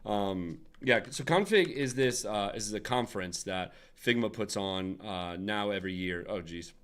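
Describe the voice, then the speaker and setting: A man's voice: lowish voice, unhurried, fairly bright tone. A young man hosting a casual design livestream, rambling and laughing as he chats with viewers. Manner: rambling, restarts, frequent laughs and asides to chat. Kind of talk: casual livestream chat and tutorial.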